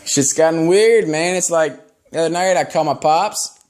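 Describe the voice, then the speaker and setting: A man's voice: fairly high pitch, normal speed, a little mellow. A young man doing a stand-up set, telling crude stories in a rambling, profane way. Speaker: stand-up comedian.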